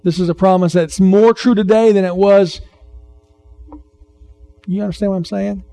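Warm, mellow-voiced man preaching. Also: high voice, steady tone, normal speed, creaky, faint music behind. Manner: conversational, repeats phrases and questions the congregation. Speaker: pastor. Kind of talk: sermon.

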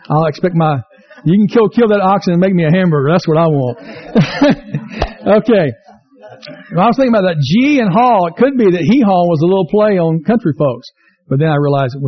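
Male pastor, fairly high voice, folksy and joking with the congregation; slightly dull recording. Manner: joking, folksy storytelling, asks the congregation questions. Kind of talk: folksy sermon. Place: church sanctuary.

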